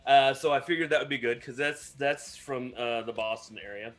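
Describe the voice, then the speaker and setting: Man, co-host, casual live-stream chat, rambling self-mocking talk, bright crisp tone. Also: mid-range voice, normal speed, faint music behind. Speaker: co-host mixing cocktails.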